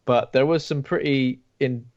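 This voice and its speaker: A man co-hosting a casual horror podcast, chatting in a relaxed way about films he watched. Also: mid-range voice, moderate pace, highs cut off. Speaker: podcast co-host. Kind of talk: casual chat.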